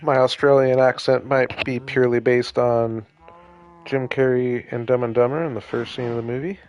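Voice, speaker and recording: A man's voice: medium pitch, fairly even intonation, normal speed, darkish tone, dull audio. A man streaming a building game, chatting casually with viewers in chat, joking and poking fun at himself. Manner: joking and self-mocking. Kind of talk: casual livestream commentary.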